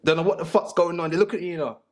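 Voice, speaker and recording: A man's voice: on the high side, fairly even intonation, rapid-fire, darkish tone. Crude joking man ranting. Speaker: panelist. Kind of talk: casual panel talk.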